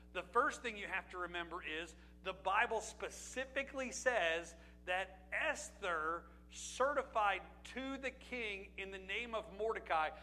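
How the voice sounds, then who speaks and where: A man's voice: high-pitched, sharp tone, a little hiss or hum, poor audio. A man from Pennsylvania preaching a sermon as pastor, in a conversational way with rhetorical questions and asides to the congregation.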